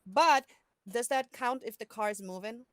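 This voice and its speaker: A woman's voice: fairly high pitch, moderate pace, a bit bright, dry recording. Woman, tabletop player, chatty, dry sound, video call. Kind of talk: tabletop game play.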